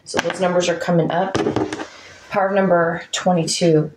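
A woman's voice: fairly low pitch, level tone, normal speed, noisy background. A woman giving a chatty tarot reading to her viewers, musing aloud over each card. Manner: chatty, talks to her dog between cards. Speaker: tarot reader. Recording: echoey room.

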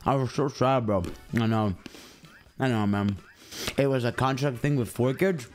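A man's voice: mid-range voice, moderate pace, darkish tone, faint music behind. A young adult man streaming, chatting casually and rambling while talking straight to his chat. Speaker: game streamer.

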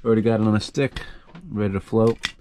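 A young man vlogging casually aboard his small sailboat, swearing freely with bursts of excitement. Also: fairly low pitch, fast talker. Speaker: solo sailor vlogger. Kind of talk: casual vlog narration. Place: aboard a small sailboat, engine bay and open deck. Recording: noisy outdoor boat audio.

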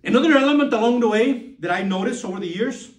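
A man's voice: very high-pitched, expressive, fast. A man from Mexico with a Mexican Spanish accent gives a public lecture, emphatic and repetitive, asking the audience rhetorical questions. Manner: emphatic, repeats key words, asks rhetorical questions. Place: lecture room. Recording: roomy sound from far off.

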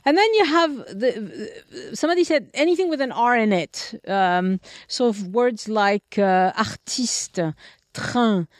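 A woman's voice: fairly high pitch, expressive, measured pace, few pauses, no room sound, studio quality. A woman with a French accent hosting a podcast, chatting playfully about pronunciation and laughing easily. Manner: playful, laughs often, switches between English and French. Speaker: podcast host. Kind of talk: casual chat about pronunciation.

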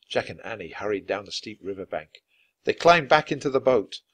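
A man reading a children's chapter book aloud, narrating clearly and expressively. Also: lowish voice, lively intonation, normal speed, a bit bright. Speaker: storybook reader.

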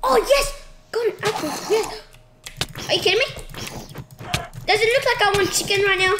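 A woman giving casual, excitable commentary while playing a game, shrieking at surprises. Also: extremely high pitch, moderate pace. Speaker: gaming channel host. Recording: echoey room with clear noise.

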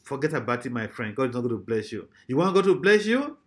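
A man's voice: mid-range voice, big pitch swings, fast talker. A male pastor, preaching a sermon emphatically, with repeated rhetorical questions.

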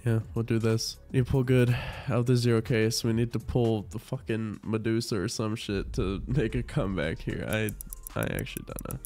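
A congested man giving casual, swearing play-by-play commentary as he opens cases, frustrated and excitable. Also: lowish voice, moderate pace, soft background music. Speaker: gambling video host.

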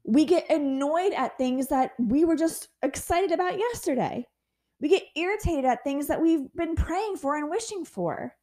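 Woman, podcast host, faith-based motivational talk, earnest, encouraging, self-mocking, acts out prayers, slightly high voice. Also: lively intonation, normal speed, dark tone. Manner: candid and self-mocking, laughs at herself.

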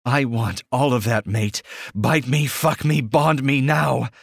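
A man's voice: on the low side, measured pace, slightly rough, no echo, studio quality. A man voicing a bold young woman omega in an audiobook romance, with earnest, intimate pleading. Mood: demanding.

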